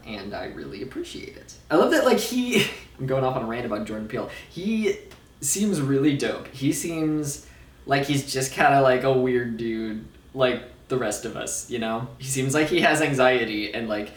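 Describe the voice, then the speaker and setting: A man's voice: medium pitch, far from the mic. A man chatting casually in a vlog while recovering from surgery, rambling, swearing and joking at himself. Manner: rambling, profane and self-mocking, laughs often. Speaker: vlogger. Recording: roomy sound, away from the mic, faint ambience.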